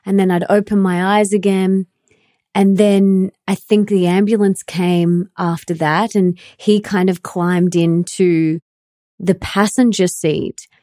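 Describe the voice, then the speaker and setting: Soft-spoken earnest woman, mellow voice. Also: mid-range voice, steady tone, takes it slowly, no room sound, clean studio sound. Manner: earnest, emotional, many fillers like "like". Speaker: podcast host. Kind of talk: personal storytelling conversation.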